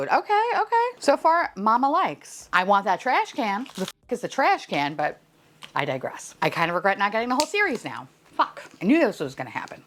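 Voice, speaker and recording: A woman hosting an unboxing video, chatting casually and gushing over cute finds, with some swearing. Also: a little high.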